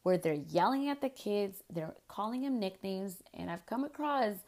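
A woman's voice: medium pitch, lively intonation, normal speed, a little mellow. A woman in her thirties hosting a podcast, talking frankly in a rambling, conversational way with plenty of fillers. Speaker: podcast host. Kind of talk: casual podcast monologue.

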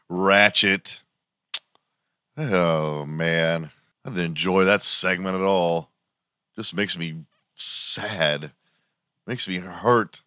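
A man hosting a morning talk show, sarcastic and crude as he rambles through his comic monologue. His voice is bright and fairly low, and his delivery is unhurried. The sound is dry and close. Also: expressive, no echo. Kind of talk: comedic podcast monologue.

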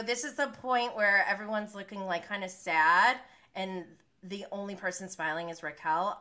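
Young woman, casual live recapper, bright tense tone, blunt and sweary. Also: on the low side. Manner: animated, blunt and swears freely. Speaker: live-streaming reality TV recapper.

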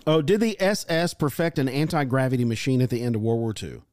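A man's voice: mid-range voice, fast talker, darkish tone, dry recording, studio quality. A man hosting a casual podcast, joking and rambling with his co-hosts. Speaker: podcast host.

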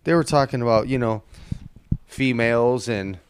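A man's voice: medium pitch, normal speed, slight background noise. A man in a casual chat, laid-back and swearing casually, giving short reactions and telling a work story.

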